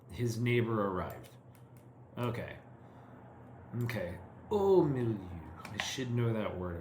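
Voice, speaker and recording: An English-speaking man practicing French, reading a story aloud slowly, stopping to translate and think through each line in English. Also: mid-range voice, roomy sound, a little hiss or hum. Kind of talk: self-recorded reading practice.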